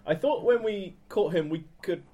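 A man's voice: sits high, lively intonation, moderate pace, mellow. A man playing a tabletop game, joking and bantering with the table. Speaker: player. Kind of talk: casual tabletop play.

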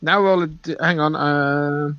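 A man acting as game master for an online tabletop horror game, drawn-out and dryly amused. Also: a little high, fairly even intonation, clear, resonant tone, dry recording, highs cut off.

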